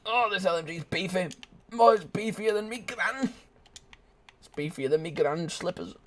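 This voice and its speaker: A young man streaming a shooter, his voice sitting a little high and leaping about wildly as he reacts. He jokes with his chat, bursts into yelps at the action and keeps up excitable banter. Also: normal speed. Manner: excitable, shouts and laughs at the game. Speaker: gaming streamer. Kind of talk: live gameplay commentary.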